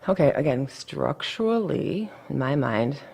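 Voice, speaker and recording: A woman's voice: deep voice, lively intonation, a little slow, creaky, darkish tone, husky. A woman dietitian talking casually in an interview, blunt and chatty, full of asides.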